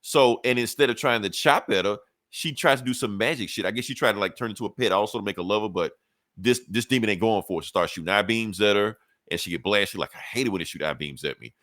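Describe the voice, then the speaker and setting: Low-voiced man recapping a comic. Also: fast, fairly bright tone, no room sound, studio quality. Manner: loose, profane storytelling with frequent laughs. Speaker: podcast co-host. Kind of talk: casual comic book recap.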